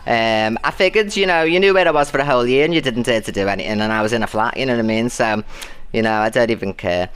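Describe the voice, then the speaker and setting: A woman's voice: very deep voice, fast, clear, resonant tone. A woman chatting casually on a live stream, greeting and thanking her viewers by name and turning defiant about an abuser. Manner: chatty, greets viewers and calls them loves and babes.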